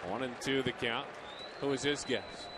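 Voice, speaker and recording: Male baseball announcer, chatty and jokey, average pitch, booth noise behind him. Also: normal speed, a crowd in the background. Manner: chatty, jokey, lifts his voice on big plays. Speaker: play-by-play announcer. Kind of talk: baseball TV commentary.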